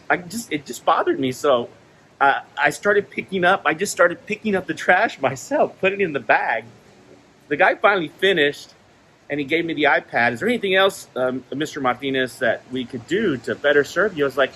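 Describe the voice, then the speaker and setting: A man with a slightly higher than usual voice tells casual personal stories, laughing often as he goes. He acts out both sides of each exchange with lively shifts in his voice. A faint hiss of noise sits under the recording. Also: fairly quick, low-quality recording. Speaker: vlogger sharing stories. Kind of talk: casual storytelling monologue.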